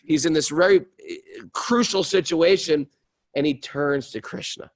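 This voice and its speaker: This middle-aged man hosts a casual spiritual podcast, telling animated stories with enthusiasm and self-deprecating humor. His voice sits a little high, his speed is normal, and there's no echo.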